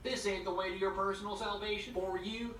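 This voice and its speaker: A man playing a smug, rambling backwoods preacher, with a put-on drawl and deadpan insults. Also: high voice, brisk, slight background noise, voice pushed up. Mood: mock-solemn. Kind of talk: comedy sketch monologue to camera. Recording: roomy echo, slightly distant mic.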